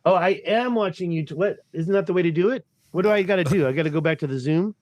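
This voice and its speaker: A man from the United States talking in a rambling, excitable way as a podcast guest over a video call, swearing casually. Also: high-pitched, fast talker, no room sound, highs cut off.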